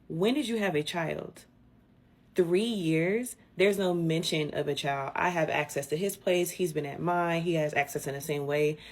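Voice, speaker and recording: A woman telling a personal story in an indignant, animated rant with swearing. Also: low voice, normal speed.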